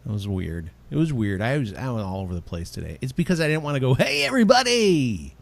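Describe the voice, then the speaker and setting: A man hosting a podcast in casual chat, animated and rambling, quick to laugh. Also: fairly low pitch, vocal fry. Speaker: podcast host.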